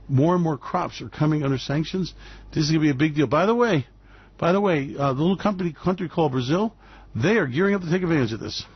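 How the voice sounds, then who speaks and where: A man hosting a talk radio show who rants sarcastically in a husky, slightly raised voice. The recording is dry and dull, like a lo-fi broadcast. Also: fairly high pitch, fast, no echo. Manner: ranting, sarcastic, repetitive. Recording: muffled lo-fi recording.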